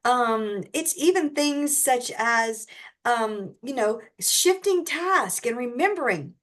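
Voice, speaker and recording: A woman's voice: high voice, lively intonation, unhurried. A woman co-hosting a podcast, explaining brain science casually with everyday examples. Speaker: podcast co-host, educational neuroscience expert.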